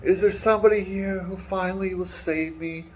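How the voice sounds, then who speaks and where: A man doing a melodramatic falsetto damsel. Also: steady tone, normal speed, darkish tone, a little hiss or hum, close to an everyday voice. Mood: pleading. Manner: theatrical, high falsetto cries for help. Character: melodramatic pleading woman trapped in a tower.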